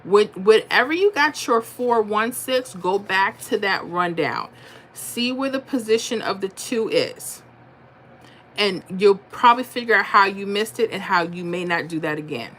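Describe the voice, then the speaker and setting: A woman's voice: medium pitch, lively intonation, measured pace, a bit bright. A woman hosting a casual livestream, reading out viewer comments and talking through number patterns aloud. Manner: chatty, reads viewer comments, thinks aloud over numbers. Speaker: lottery livestream host.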